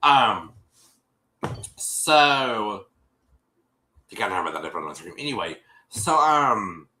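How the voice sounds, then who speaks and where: Bright-voiced man recapping a show. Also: lowish voice, very animated, takes it slowly, roomy sound, poor audio. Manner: rambling, restarts often, acts out quotes. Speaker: co-host recapping a TV episode. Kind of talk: casual livestream recap.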